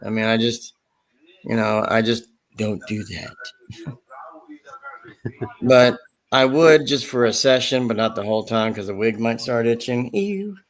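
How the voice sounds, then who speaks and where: A man's voice: medium pitch, steady tone, measured pace, pauses often. A man hosting a casual chat, rambling along, laughing often and slipping into voices. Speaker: host.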